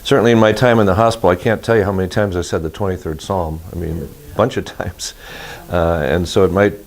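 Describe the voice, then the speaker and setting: A man leading a group training session, talking conversationally and pausing with frequent fillers. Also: low voice, fairly even intonation, vocal fry, a little mellow. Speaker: training leader.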